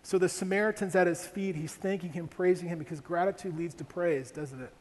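A male pastor preaching a sermon in an animated way, asking rhetorical questions and slowing down to read scripture. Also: sits high. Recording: hall reverb with faint ambient noise.

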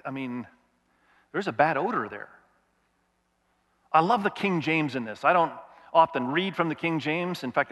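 Man preaching a sermon, animated, bright forceful tone, slightly high voice, long hall reverb. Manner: animated preaching, reads scripture aloud, asks the congregation questions. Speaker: pastor.

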